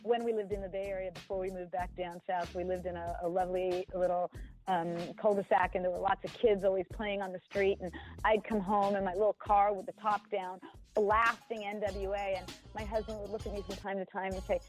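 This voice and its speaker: Measured, formal-sounding woman guest. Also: medium pitch, little pitch movement, soft background music, rough recording. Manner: measured, formal phrasing with frequent ums. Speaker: interview guest, former football executive. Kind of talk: casual interview chat.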